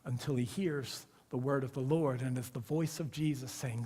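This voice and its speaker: A man preaching a sermon in a conversational, storytelling way, swinging from hushed, quiet lines to loud, excited ones as he acts out voices. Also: medium pitch, normal speed, few pauses, husky, long reverb tail. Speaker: pastor. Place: church sanctuary.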